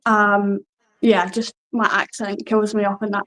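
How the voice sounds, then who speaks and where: A woman's voice: medium pitch, flat delivery, measured pace, fairly bright tone, poor audio. Laughing, self-effacing woman wrestler. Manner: self-deprecating, hesitant, laughs often. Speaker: guest wrestler. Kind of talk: casual interview answers.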